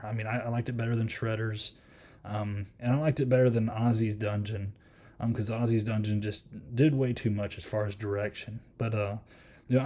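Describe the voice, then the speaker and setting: A man's voice: lowish voice, mellow. A man hosting a podcast, chatting casually through a horror film review and rambling with many ums and likes. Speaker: podcast host.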